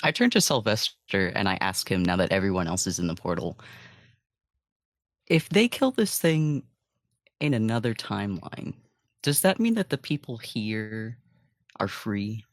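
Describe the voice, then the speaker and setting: A man playing a tabletop game, speaking in character in a calm, measured way. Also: on the low side, dry recording, studio quality. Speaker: player.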